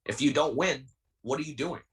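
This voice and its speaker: A man's voice: a little high, normal speed, recorded from a distance, low-quality recording. A man of twenty, a wrestler speaking as a guest on a podcast, talking intensely and defiantly and repeating himself to make his point. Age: 20s. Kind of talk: heated podcast interview.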